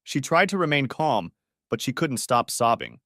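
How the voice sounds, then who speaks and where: A man narrating a dramatic family story in an expressive reading. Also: mid-range voice, normal speed, no room sound, studio quality.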